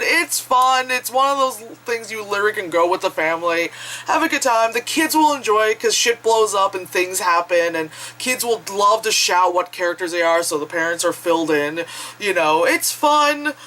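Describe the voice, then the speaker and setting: A woman's voice: on the low side, fairly bright tone, low-quality recording. A woman chatting casually in a vlog, rambling, swearing freely and laughing often. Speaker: vlogger.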